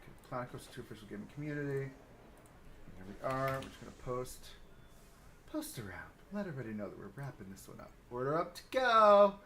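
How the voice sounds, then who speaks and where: A man's voice: mid-range voice, expressive, quick pace, fairly bright tone, a little hiss or hum. A man chatting casually on a live stream as he builds in a game, laid-back and rambling, with a cough that comes and goes. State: coughing now and then. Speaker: livestreamer.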